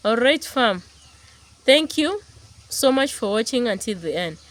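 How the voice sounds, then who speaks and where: A woman's voice: fairly high pitch, very animated, a little slow. A woman host speaking to viewers with grateful address. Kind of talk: video outro.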